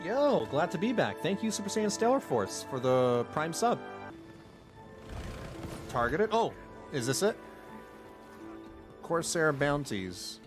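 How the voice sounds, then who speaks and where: A man chats his way through a game stream, joking and exclaiming as he plays. His delivery is slow but his pitch swings widely. Game music plays faintly beneath him. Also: big pitch swings. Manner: chatty, joking, exclaims often. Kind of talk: casual live-stream commentary.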